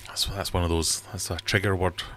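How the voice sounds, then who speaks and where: A man's voice: low-pitched, level tone, moderate pace, fairly bright tone, slight background noise. A Geordie man hosting a casual livestream chat, rambling and reading out viewers' comments. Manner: rambling, chatty, reads out comments. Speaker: livestream host. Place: home fish room.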